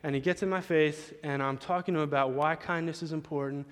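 A man's voice: fairly high pitch, fairly even intonation, quick pace, clear, resonant tone. A man preaching a sermon, telling chatty stories about his young son and acting out the dialogue. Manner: storytelling, chatty, acts out dialogue. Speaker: pastor. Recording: long hall reverb.

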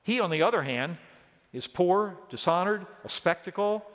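Preacher with a lively, echoing delivery. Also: male voice, sits high, normal speed. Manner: emphatic, shifting between quiet stress and rising exclamation. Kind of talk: expository sermon. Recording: long reverb of a large hall.

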